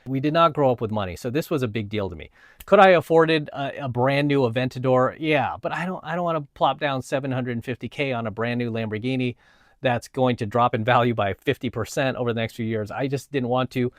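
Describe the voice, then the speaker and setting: A man's voice: mid-range voice, brisk, no room sound, studio quality. A man, a coach and vlogger, telling a personal story in a casual monologue, emphatic and repeating himself. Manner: emphatic, repeats himself, asks "right?" often.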